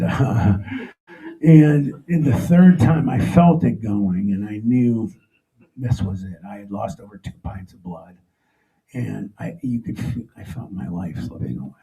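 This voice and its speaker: Middle-aged male storyteller at a live talk, with a dark, gravelly tone and a halting, emotional delivery. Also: mid-range voice, sing-song, poor audio. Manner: emotional, halting, with frequent restarts. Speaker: speaker telling his own story. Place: stage before a live audience.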